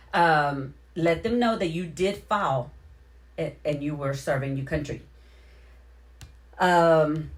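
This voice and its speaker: A woman hosting a casual live stream, explaining things in a roundabout way and greeting her viewers by name. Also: low voice. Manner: chatty, greets viewers by name, repeats herself. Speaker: livestream host.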